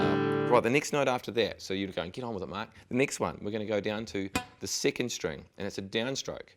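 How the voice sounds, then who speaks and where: A man teaching a guitar lesson, patiently counting strokes step by step and encouraging the viewer. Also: low-pitched. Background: guitar playing.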